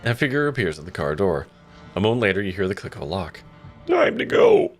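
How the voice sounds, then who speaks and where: A man's voice: deep voice, expressive, fast talker, faint music behind. A man streaming a story game, reading the narration aloud and reacting with wry asides and swearing. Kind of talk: live let's-play commentary, reading the game text aloud.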